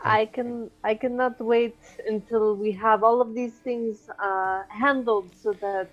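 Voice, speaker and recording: A woman speaks as her character in a tabletop game, halting and stammering a little. Her voice sits fairly high. The sound is dull and lo-fi, with faint music behind. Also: fairly even intonation. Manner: hesitant, with stammers and restarts. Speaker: player. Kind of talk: in-character tabletop role-play.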